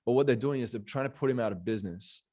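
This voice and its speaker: A man's voice: mid-range voice, racing, dark tone. A man from Australia, talking in a casual podcast conversation, rambling and leaning on fillers like "you know" and "bro".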